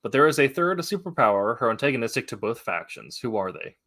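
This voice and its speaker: A man hosting a casual online trivia game, relaxed and laughing often, with many fillers. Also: mid-range voice, quick pace. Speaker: trivia host.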